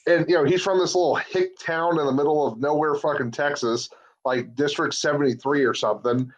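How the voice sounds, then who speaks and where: A man's voice: fairly high pitch, steady tone, a little fast, poor audio. A man co-hosting a casual podcast, talking bluntly and profanely, a little worn out from talking all day. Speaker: podcast co-host, lawyer. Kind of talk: casual opinionated chat.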